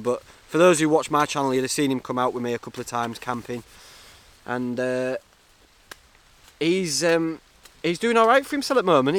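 A young man chats through a solo podcast from inside his tent, full of jokes at his own expense. His voice sits at an ordinary middle pitch. He talks into a small mic mounted on his camera. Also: clear, resonant tone. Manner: jokey, chatty, self-mocking. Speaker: podcast host. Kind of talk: rambling solo podcast chat.

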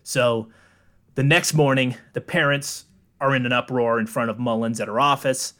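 A young man co-hosting a podcast, recapping a film in a relaxed, joking way, laughing often and swearing. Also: medium pitch, moderate pace. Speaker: podcast co-host. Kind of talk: casual movie recap chat.

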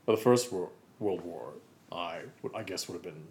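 A man's voice: low-pitched, normal speed, darkish tone, slight background noise. A young man co-hosting a comedy podcast, with dry, hesitant asides that trail off into mumbles. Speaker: podcast co-host. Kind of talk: casual comedic banter.

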